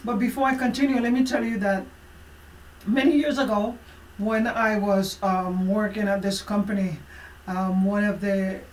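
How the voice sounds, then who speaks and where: A woman life coach telling a motivational personal story, emphatic and expressive, with frequent fillers. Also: medium pitch, recorded from a distance, slight background noise. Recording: roomy echo from away from the mic.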